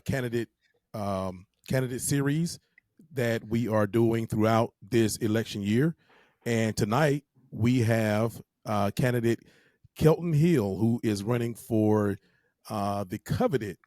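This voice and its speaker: A man's voice: on the low side, a little mellow, no room sound. Southern guy hosting, easygoing and jokey, trips on names a bit, dry close mic. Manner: loose and jokey, stumbling over names. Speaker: co-host. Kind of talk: hosting an interview show.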